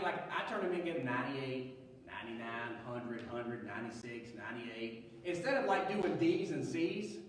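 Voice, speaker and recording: A man's voice: medium pitch, slight background noise. A male pastor, telling a humorous story in a sermon and acting out the voices of others. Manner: animated, joking, acts out quoted voices. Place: large church hall. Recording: echoey church hall, far from mic.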